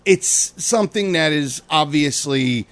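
Profane, animated New comedian. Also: male voice, a little high, a little slow, dry recording. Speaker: podcast host and comedian. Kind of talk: casual chat.

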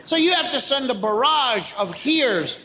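Exasperated high-voiced male comedian, echoey. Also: very animated, pushed and bright, slight background noise. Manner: exasperated, mimics parents with rapid repetition. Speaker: stand-up comedian. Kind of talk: stand-up comedy routine.

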